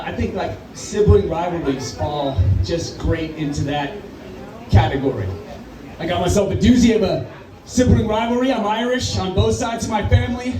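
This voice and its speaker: A man's voice: reverberant, distant mic, low-quality recording. A man doing a stand-up comedy set, telling a story and jumping into voices for the people in it. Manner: animated storyteller, acting out voices with big pitch jumps. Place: comedy stage.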